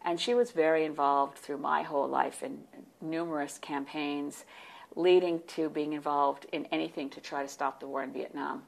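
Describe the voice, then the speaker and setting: A woman in her sixties telling stories as a guest in an interview, animated and warm, with laughs. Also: low-pitched, moderate pace, gravelly. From United States. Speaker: guest, party leader. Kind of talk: storytelling in interview.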